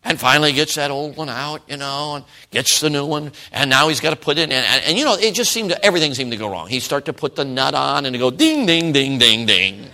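A middle-aged man preaching a sermon, telling a folksy story with frequent laughs and swings between loud and hushed. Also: on the high side, fast, few pauses. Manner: folksy storytelling, frequent "you know what I'm talking about".

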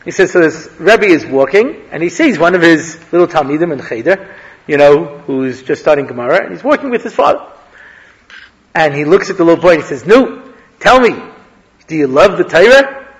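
A male rabbi giving a humorous Torah lecture, an animated storyteller who laughs at his own jokes. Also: on the high side, a little fast, dull audio. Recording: long reverb of a hall.

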